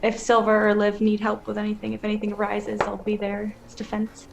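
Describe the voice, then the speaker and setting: A woman player in a tabletop game, asking quick, soft-spoken questions. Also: medium pitch, monotone, creaky, noisy background. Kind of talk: casual tabletop play.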